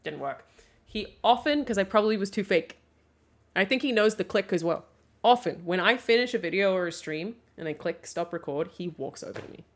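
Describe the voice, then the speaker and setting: Chatty woman streamer with a lively voice. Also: mid-range voice, fairly quick. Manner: chatty, laughs often, rambling asides. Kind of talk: casual stream chat.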